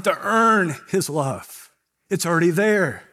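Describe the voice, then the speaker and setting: A man's voice: fairly high pitch, normal speed, fairly bright tone. A middle-aged man, a pastor, preaching a sermon in a conversational way, asking rhetorical questions.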